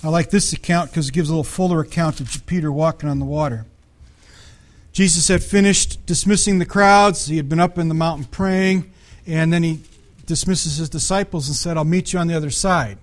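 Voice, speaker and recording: High-voiced man preaching conversationally. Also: steady tone, a little fast. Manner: conversational preaching with frequent checks to the congregation; reads scripture aloud and comments on it. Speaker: pastor. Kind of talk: sermon.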